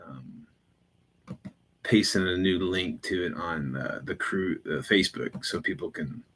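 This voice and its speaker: A man's voice: low-pitched, sharp tone, breathy edge. A man hosting a live stream, chatting casually with viewers in a rambling, profane way full of fillers and restarts.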